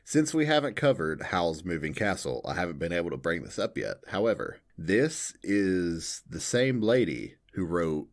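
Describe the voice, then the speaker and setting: A deep-voiced man from the Southern United States co-hosting a chatty podcast. His pitch swings widely as he tells animated stories, breaking into frequent laughter. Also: normal speed, hardly any pauses. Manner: animated storyteller, laughs often. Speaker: podcast co-host. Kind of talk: casual chat.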